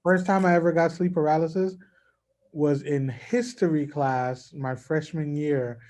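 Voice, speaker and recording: A man's voice: on the high side, steady tone, a little slow, a little mellow. Laid-back young man in a casual chat. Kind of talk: casual conversation.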